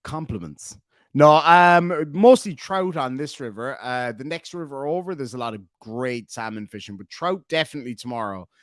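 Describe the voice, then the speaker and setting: A man's voice: medium pitch, moderate pace, dry recording, studio quality. A man in his forties, from Ireland, casually chatting on a livestream, reading out chat and joking with plenty of swearing. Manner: animated, swearing, joking asides. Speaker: streamer reading live chat.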